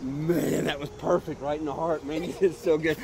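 A man's voice: fairly high pitch, fairly even intonation, normal speed, background noise. A man filming on a handheld phone in a tree stand in the woods, talking to his daughter in an effusive, encouraging way. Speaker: father taking his daughter hunting.

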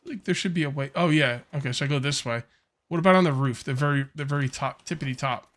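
A man's voice: fairly high pitch, fast talker, fairly bright tone. A man casually commenting on his survival-game session as he plays, rambling and easygoing with lots of fillers. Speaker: gameplay commentator. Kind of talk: casual let's-play commentary.

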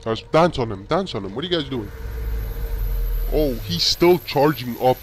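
Excitable man reacting to a video. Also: medium pitch, moderate pace, slight background noise. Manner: excitable, talks to the screen with "yo" and "bro". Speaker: reaction channel host.

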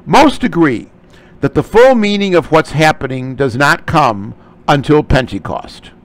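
A man's voice: on the high side, rough recording. A man teaching a scripture lecture, explaining Greek terms closely. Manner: slow, animated delivery. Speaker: Bible study teacher.

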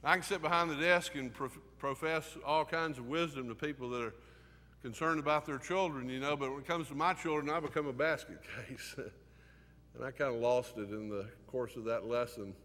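Earnest older preacher, echoing hall. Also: male voice, mid-range voice, fairly quick, bright, forceful tone. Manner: earnest, emotional storytelling with many fillers. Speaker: preacher teaching a Sunday class. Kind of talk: sermon. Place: church classroom. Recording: hall reverb.

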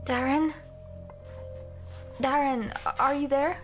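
Brief: frightened little girl, high voice, hesitant and halting, slow delivery, faint music under her. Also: fairly even intonation. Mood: scared. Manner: timid, halting, stammering. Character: frightened young girl, lonely and bored. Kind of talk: audio drama reading.

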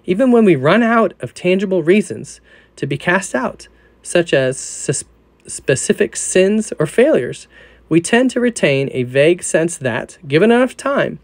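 A man's voice: on the high side, dry recording. A man, a pastor, reading aloud from a devotional book in an earnest way, acting out the back-and-forth between a doubting sinner and Christ.

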